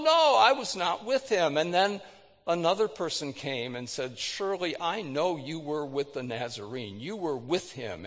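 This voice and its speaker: Man, sermon, dramatic scripture reading, rising and falling delivery, long hall reverb. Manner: dramatic scripture reading, voice rising for quotes and dropping low for solemn lines. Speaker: pastor.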